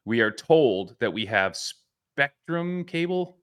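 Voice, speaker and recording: A man's voice: medium pitch, sing-song, takes it slowly, a bit bright, smooth. A man in his thirties co-hosting a podcast, ranting angrily and swearing in casual chat. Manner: angry, profane ranting. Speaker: podcast co-host.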